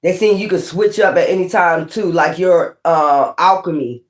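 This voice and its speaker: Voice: mid-range voice, normal speed. A tarot reader giving a casual spoken reading, rambling and profane, using streetwise slang and repeating points for emphasis.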